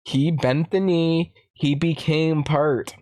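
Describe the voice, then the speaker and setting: A man's voice: on the high side, steady tone, slow pace, a little mellow. A man hosting a casual stream, talking bluntly and defiantly in a rambling way at a close desk mic. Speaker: streamer host. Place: home streaming setup.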